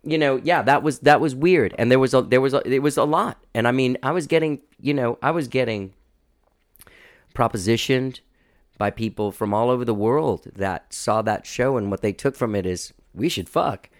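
A man talking candidly in a casual interview, rambling and making dark jokes. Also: mid-range voice, normal speed, no echo, clean studio sound. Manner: candid, rambling, darkly joking. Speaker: musician guest.

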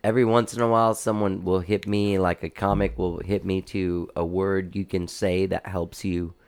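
A man's voice: deep voice, level tone, moderate pace, smooth. A man hosting a casual chat, riffing playfully like a comedian and firing off questions. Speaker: host.

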